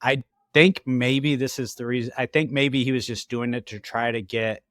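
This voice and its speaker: A man's voice: mid-range voice, steady tone, moderate pace, no echo. Reflective man hosting a podcast. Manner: reflective, soft-spoken, a bit choked up. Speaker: podcast host. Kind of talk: casual interview chat.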